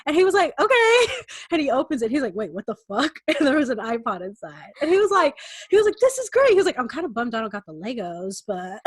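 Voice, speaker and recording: A woman's voice: on the high side, sing-song, fast talker, breathy edge, no room sound. A young woman co-hosting a podcast, chatting casually and telling stories in a playful, teasing way with fillers. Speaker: podcast co-host. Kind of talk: casual chat.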